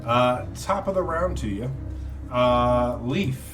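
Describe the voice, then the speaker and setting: A man's voice: mid-range voice, lively intonation, slow, recorded from a distance, music in the background. A man narrating a tabletop role-playing game as game master, laughing often.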